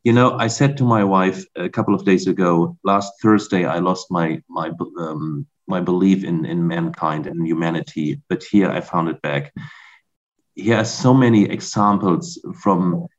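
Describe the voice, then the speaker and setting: A man with a very deep voice answers questions from the border over a muffled, lo-fi connection. He talks haltingly, pausing and restarting as he searches for words, with plenty of hesitation along the way. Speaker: reporter at the border. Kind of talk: remote interview. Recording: dull lo-fi remote line.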